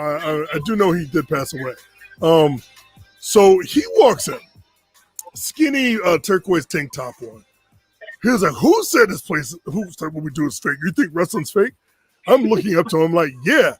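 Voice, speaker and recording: A husky, high-voiced man in his forties from Connecticut tells a long story in a casual, animated way, acting out what other people said. The recording has no echo.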